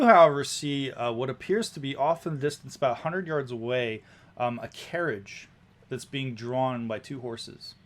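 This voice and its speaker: A man running a tabletop fantasy game as game master, describing the scene at an easy pace with frequent fillers. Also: mid-range voice. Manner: unhurried, descriptive, many fillers.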